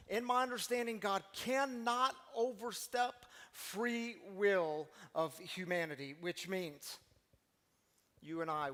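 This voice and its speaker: A man's voice: high-pitched, a bit bright, big-room sound. A man preaching a sermon as pastor, conversational and emphatic, full of rhetorical questions.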